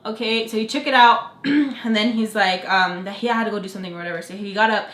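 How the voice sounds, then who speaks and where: A young woman vlogger telling a story to the camera in a chatty, animated way, full of fillers. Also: medium pitch, fast. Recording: echoey room.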